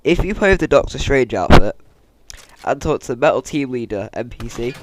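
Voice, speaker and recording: A man, chatting casually through game news as a YouTuber, with jokey asides and a fairly monotone delivery. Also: mid-range voice, fairly quick, very noisy. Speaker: gaming YouTuber. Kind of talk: casual game-news commentary over gameplay.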